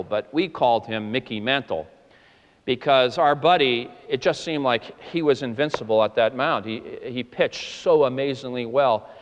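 A male pastor delivers a sermon in an earnest, emphatic manner, often lifting his pitch to stress a point. His voice sits in a middle register. It rings with the long reverb of a church sanctuary. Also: muffled recording. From Boston.

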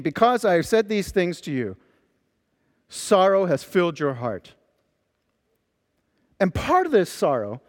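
A man preaching a sermon, telling stories with lively emphasis as a pastor. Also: high voice, in a large hall. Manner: animated storytelling preacher.

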